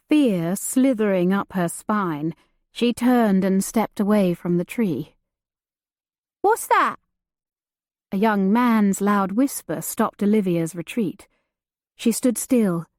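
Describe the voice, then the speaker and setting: Woman narrator, unhurried, deliberate, dry close sound. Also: medium pitch, warm tone, no room sound. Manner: measured, deliberate storytelling. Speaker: audiobook narrator. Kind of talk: scripted narration.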